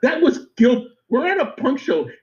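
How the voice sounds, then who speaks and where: A Miami man co-hosting a podcast tells an animated story and laughs easily during the casual chat. His very high voice swings widely in pitch at a normal speed and has a slightly mellow quality. The recording is dull and lo-fi.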